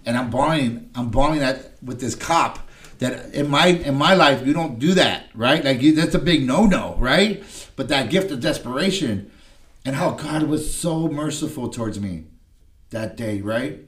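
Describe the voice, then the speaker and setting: A man's voice: mid-range voice, expressive, moderate pace, fairly bright tone. A man guest on a podcast telling his recovery story with emotion, often checking in with "right?" and restarting his words. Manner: emotional, tag questions "right?" between phrases.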